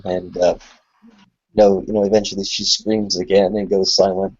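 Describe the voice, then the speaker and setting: A man running a tabletop horror game as game master, narrating in a halting way full of "uh" and "you know" over a video call. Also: low voice, flat delivery, darkish tone. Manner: hesitant, full of filler words. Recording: lo-fi online call audio.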